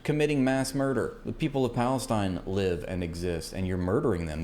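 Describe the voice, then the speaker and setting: A man's voice: on the low side, mellow, a little hiss or hum. Profane, sarcastic young man ranting. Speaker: political commentator. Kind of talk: heated political rant.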